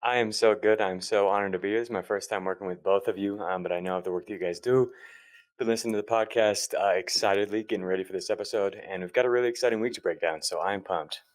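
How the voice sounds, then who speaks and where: Man, podcast guest, eager, enthusiastic, quick speech, lowish voice. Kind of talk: casual podcast chat.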